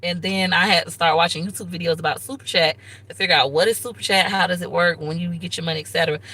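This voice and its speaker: A woman chats casually on her live stream, talking straight to her viewers in slang. Her voice is bright and forceful. She gushes with thanks and breaks into excited shrieks. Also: fairly low pitch, fast talker, rough recording. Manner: slangy, chatty, talks straight to viewers as "y'all". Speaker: YouTuber hosting a live stream.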